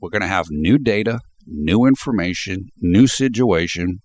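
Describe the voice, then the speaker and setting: A man with a notably low, deep voice talks to his viewers in a loose vlog style. He speaks off the cuff and reflects as he goes. He delivers sports commentary at an easy pace. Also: lively intonation, normal speed, a little mellow. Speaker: sports video blogger. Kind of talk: casual spoken commentary.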